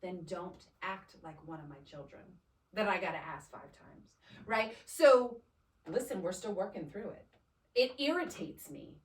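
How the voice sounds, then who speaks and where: Speaking at a measured pace, this woman has a fairly low, expressive voice. In a casual conversation she tells an energetic story, frequently voicing both people in an exchange and ending points with a questioning "right?". A far-off mic gives the audio a roomy feel.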